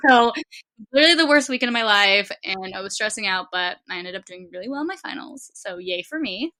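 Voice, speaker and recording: Bright-voiced young woman telling a story. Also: medium pitch, animated, fairly quick. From San Diego, California. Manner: chatty, heavy on filler "like". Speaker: podcast guest. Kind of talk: casual storytelling.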